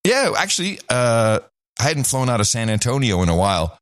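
A man's voice: medium pitch, fairly quick, no room sound, clean studio sound. A man co-hosting a casual talk show, laughing often and telling stories. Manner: laughs often, animated storytelling. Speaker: podcast co-host. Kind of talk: casual chat.

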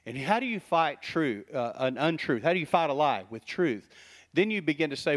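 A middle-aged man giving a sermon as pastor, talking conversationally with quick asides and rhetorical questions. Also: on the high side, big pitch swings.

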